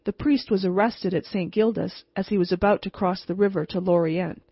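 A woman reading a ghost story aloud in a steady, measured way. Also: mid-range voice, husky, dry recording. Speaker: audiobook reader. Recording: slightly muffled, dry recording.

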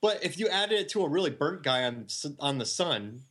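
A man chatting casually as a podcast co-host, joking and acting out quick impressions. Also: fairly high pitch, expressive, fairly bright tone. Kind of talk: casual chat. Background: other men talking and laughing.

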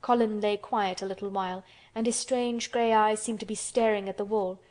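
A woman narrating a classic children's novel as an audiobook, in a gentle, even storytelling manner. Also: medium pitch, moderate pace.

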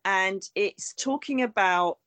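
A woman's voice: medium pitch, slow pace, a bit bright. A woman, a psychic medium talking emphatically in an interview and acting out the people she quotes. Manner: emphatic, acts out quoted voices. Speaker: psychic medium and former detective. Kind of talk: interview conversation.

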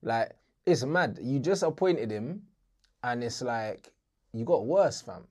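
A man's voice: medium pitch, expressive, slow, a little mellow, husky. A man chatting casually about football, laid-back and wry.

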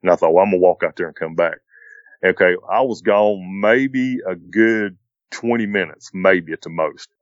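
Very deep middle-aged man telling a rambling story, dull dry recording. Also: moderate pace, no echo. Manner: rambling, repeats "he said" and "I said". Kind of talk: casual spoken retelling of a strange encounter.

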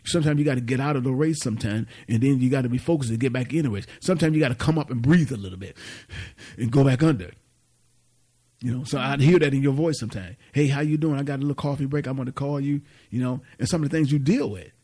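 A man's voice: medium pitch, animated, quick pace, warm tone, slightly rough. A man giving an informal, conversational sermon, asking the congregation to finish his lines. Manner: call-and-response questions, conversational. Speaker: preacher.

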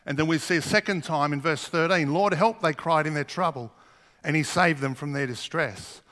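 A man's voice: fairly high pitch, moderate pace, pushed and bright. A man preaching a sermon, earnest, asking the congregation questions as he reads scripture. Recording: long hall reverb.

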